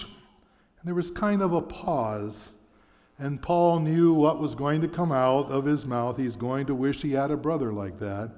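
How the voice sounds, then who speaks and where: A male preacher tells a sermon story slowly and earnestly, his voice sitting fairly high. A long reverb from the church sanctuary trails each phrase. The sound is slightly muffled. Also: darkish tone.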